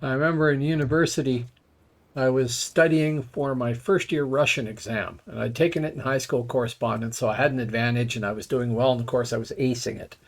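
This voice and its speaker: A man's voice: medium pitch, fairly quick. A middle-aged man casually telling rambling, wry stories while playing a game on a live stream. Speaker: gaming streamer.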